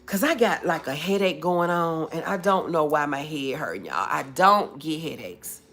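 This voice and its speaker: Lively woman chatting on a livestream. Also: low-pitched, moderate pace. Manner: chatty, calls viewers boo and baby. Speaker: livestream host. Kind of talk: casual live chat reading comments.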